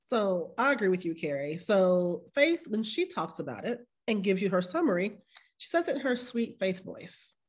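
A woman's voice: medium pitch, very animated, normal speed. A woman co-hosting a casual panel discussion, talking bluntly and emphatically. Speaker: co-host.

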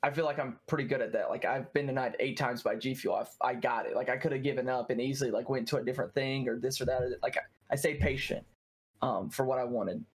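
A man's voice: mid-range voice, fairly even intonation, quick pace, slightly rough. A man, a streamer chatting casually, rambling with lots of fillers and laughing often. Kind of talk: casual chat.

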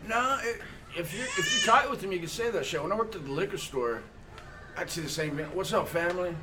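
A man's voice: high voice, very animated, fairly quick. A man guest on a casual podcast, laid-back and swearing freely in slang. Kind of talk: casual chat. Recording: distant mic, noisy room.

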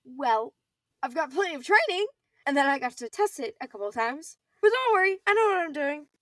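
A brisk, cheerful young medic soothing a patient with an easy bedside manner, voiced by a teenage girl. The voice rides fairly high. The recording is dry and the mic sits a little far off. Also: big pitch swings, dry recording. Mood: reassuring. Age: teens. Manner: bright, reassuring bedside manner.

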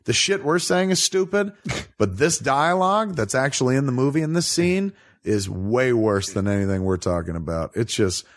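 A man's voice: mid-range voice, animated, moderate pace. A man hosting a casual film commentary, joking and swearing as he rambles through the scenes. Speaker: podcast host.

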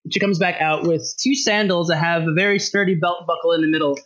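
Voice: mid-range voice, fairly even intonation, fast, a bit bright, highs cut off. A game master narrating a tabletop game in a rambling, laughing way with many fillers.

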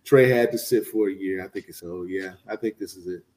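A man's voice: deep voice, fairly quick, a little mellow. A man co-hosting a casual sports chat, emphatic and full of stammered restarts. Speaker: podcast co-host.

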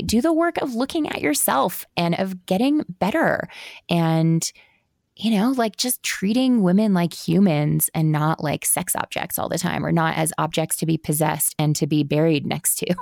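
A woman's voice: fairly low pitch, normal speed, gravelly, darkish tone, dry recording, clean studio sound. A woman co-hosting a podcast in frank, casual chat, outspoken and direct. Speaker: podcast co-host.

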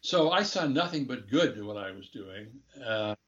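This former diplomat, an older man, has a lowish, expressive voice with a fairly bright tone, and he speaks at a moderate pace on a muffled recording. He's in a casual interview, spinning a candid, wandering story full of chuckles and self-corrections.

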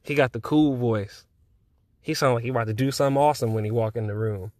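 A young man hosting a solo chat podcast while high, talking in a loose, rambling way with lots of slang and swearing. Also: fast talker, darkish tone, no room sound, studio quality. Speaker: podcast host.

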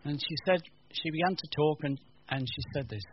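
A man's voice: a little high, brisk. Man preaching, muffled lo-fi sound. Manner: storytelling, animated retelling with quotes. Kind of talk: sermon. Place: church teaching session. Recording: muffled lo-fi recording, faint room noise.

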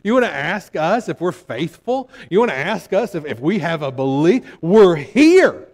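A man voicing indignant male fishermen disciples who protest loudly in rising, offended outbursts. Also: high-pitched, very animated, moderate pace, voice pushed up.

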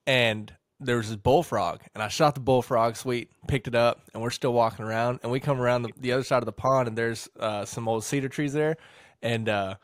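A man of middling pitch spins a hunting yarn in an easygoing way, with "uh"s and a bit of cussing along the way. The sound is dry and close, with no room echo. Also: fairly even intonation, fairly quick. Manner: laid-back storyteller with fillers and mild swearing. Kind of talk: casual hunting podcast storytelling.

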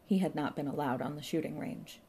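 A woman narrating an audiobook in a wry, deadpan storytelling manner. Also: low voice, brisk, a little hiss or hum. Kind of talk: scripted narration.

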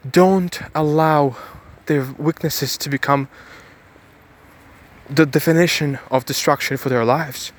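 A man's voice: a little high, steady tone, slow. A man giving an emphatic motivational monologue to his viewers, repeating phrases and often restarting his words. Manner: emphatic and repetitive, speaks straight to viewers. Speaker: motivational vlogger. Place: outdoors, about to board a bus.

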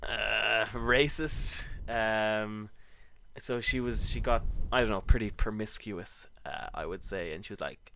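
A man chatting on a podcast in a bright, ringing voice. He tells meandering stories, laughing often, and slips into low, quiet tones mid-story. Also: unhurried, vocal fry, slight background noise. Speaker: podcast co-host. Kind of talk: casual chat.

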